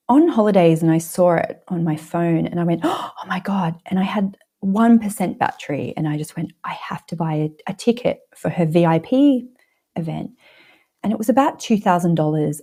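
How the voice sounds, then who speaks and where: A woman in her thirties with an Australian accent, a podcast guest telling a story and acting out the people she quotes. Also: fairly low pitch. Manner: animated, acts out quotes. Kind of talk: casual storytelling.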